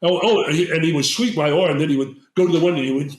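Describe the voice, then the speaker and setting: A man's voice: a little high, racing, noisy background. Older man telling a rambling story. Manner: rambling, many fillers and restarts. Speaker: guest herbalist. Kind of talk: storytelling in conversation. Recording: roomy echo.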